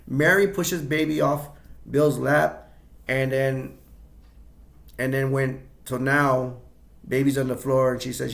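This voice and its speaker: Rambling gravelly man recapping a film. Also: mid-range voice, steady tone, a little slow. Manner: rambling, with many restarts and quoted imitations. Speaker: movie reviewer.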